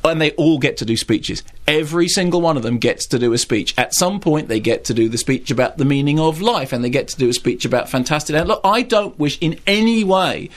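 Animated, emphatic male film critic. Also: on the high side, fairly quick, few pauses. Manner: animated, emphatic and opinionated, repeating words. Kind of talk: radio film review chat. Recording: radio studio.

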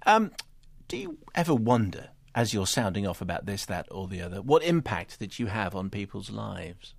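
A male radio presenter teases his co-host in a dry manner. His voice is mid-pitched and recorded close in a dead, dry studio. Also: very animated, normal speed, vocal fry, no echo. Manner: dry, teasing. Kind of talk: radio chat. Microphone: studio microphone.

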